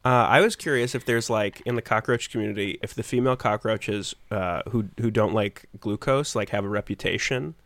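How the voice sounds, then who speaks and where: A man's voice: on the low side, fairly quick, few pauses, a bit bright. A man who is a comedy podcast guest, riffing in a laid-back, hesitant way. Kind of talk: comedic panel banter.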